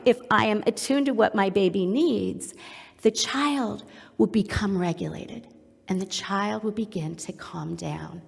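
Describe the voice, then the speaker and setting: A woman's voice: medium pitch, gravelly, long reverb tail. A middle-aged woman, a psychologist, giving a webinar lecture and now and then acting out how a parent soothes a crying baby. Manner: demonstrative, acts out soothing a baby in soft tones. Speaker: psychologist presenter.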